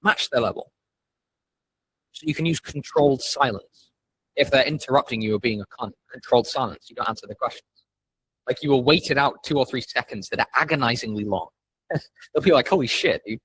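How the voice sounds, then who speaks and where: Husky, blunt, swearing sales coach guy. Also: medium pitch, a little fast, long pauses, a bit bright, dry recording, low-quality recording. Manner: blunt, profane and emphatic. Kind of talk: casual instructional talk.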